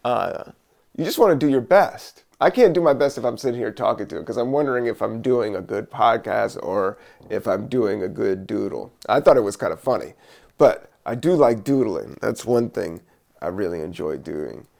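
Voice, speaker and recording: A man hosting a podcast, rambling in a relaxed, musing way with many fillers while he doodles. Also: on the low side, gravelly. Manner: laid-back, slow, musing with many fillers and laughs. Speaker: podcast host.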